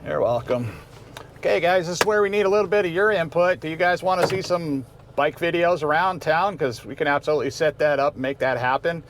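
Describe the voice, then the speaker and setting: A man's voice: a little high, fairly quick, slight background noise. Easygoing rambling man in his fifties. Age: 50s. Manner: rambling, easygoing, many fillers and restarts. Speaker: vlog host. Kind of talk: casual vlog chat.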